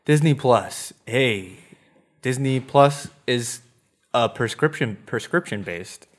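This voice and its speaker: A man's voice: medium pitch, expressive, slow pace. A man co-hosting a comedy podcast, dropping dry sarcastic remarks. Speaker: podcast co-host. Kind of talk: casual comedy chat.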